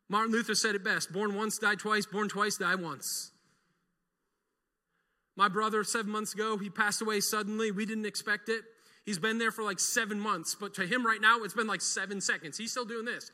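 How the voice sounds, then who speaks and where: A young adult man preaching a sermon as pastor, emphatic and energetic, firing off rhetorical questions and repeating key phrases. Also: high voice, normal speed, long pauses. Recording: long hall reverb.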